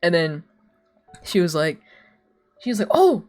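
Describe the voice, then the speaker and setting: A woman's voice: deep voice, unhurried, faint music behind. A young woman streamer chatting casually and rambling through stories, laughing often and leaning heavily on filler words. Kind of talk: casual chat on a live stream.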